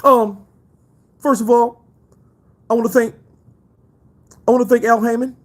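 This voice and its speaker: A man doing an impression of a boastful, flashy rich champion boxer who brags loudly and repeats himself. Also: flat delivery, measured pace. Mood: bragging. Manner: loud bragging, repeats himself, high-pitched.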